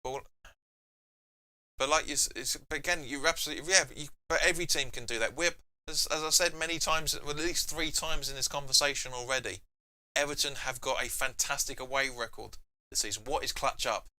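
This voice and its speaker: A man's voice: mid-range voice, a little fast, bright, forceful tone. A man hosting a live football watch-along, chatting casually and reading viewer comments aloud between reactions to the match. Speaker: fan channel host.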